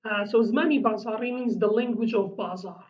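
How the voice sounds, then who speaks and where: Woman teaching, halting. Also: a little high. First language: Kurdish. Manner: halting, searching for words, frequent restarts. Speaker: language teacher. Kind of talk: explaining vocabulary in a lesson. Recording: distant mic, dull lo-fi sound.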